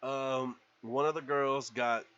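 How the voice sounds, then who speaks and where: A man's voice: mid-range voice, fairly even intonation, slow pace, a bit bright, smooth, no room sound. A man in a casual movie review vlog, retelling scenes in a rambling, profane, laughing way, on a slightly dull lo-fi recording.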